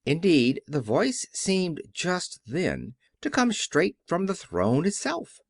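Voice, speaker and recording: Expressive male audiobook narrator. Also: a little high, slow pace, no room sound, clean studio sound. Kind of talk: scripted narration.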